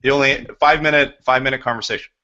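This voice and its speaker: A man's voice: medium pitch, fairly even intonation, quick pace, sharp tone, dull audio. A man who is a real estate agent, telling a sales story in a training session and acting out phone calls.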